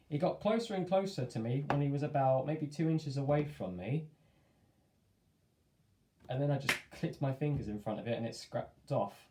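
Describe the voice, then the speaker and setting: A man's voice: medium pitch, normal speed, background noise. A young man telling a rambling, chatty story, dropping in lots of "like" and laughing at himself. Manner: rambling, chatty, self-amused, heavy on filler "like". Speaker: vlogger. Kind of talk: casual storytime monologue. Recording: echoey room.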